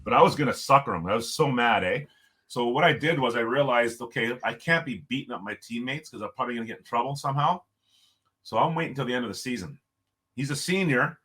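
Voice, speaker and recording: A man, a podcast guest telling a lively personal story in a conversational way. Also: mid-range voice, fast.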